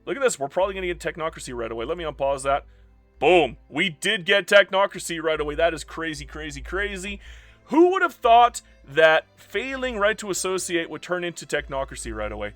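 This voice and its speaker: A young man with a bright, forceful voice commentates his strategy game, jumping around a lot in pitch. He bursts out in loud disbelief, then grumbles and gloats over his wins. Soft music plays underneath. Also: big pitch swings, a little fast, no room sound. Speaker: strategy game video creator. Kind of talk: gameplay commentary.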